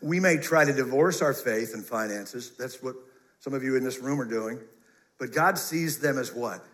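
A male pastor preaching a sermon in church, animated and jokey, giving the congregation quick commands to underline and answer. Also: mid-range voice.

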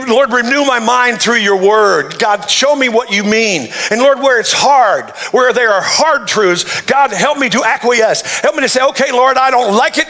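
High, bright-voiced joking preacher man. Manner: playful, joking preacher who acts out prayers. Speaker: pastor. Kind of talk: sermon.

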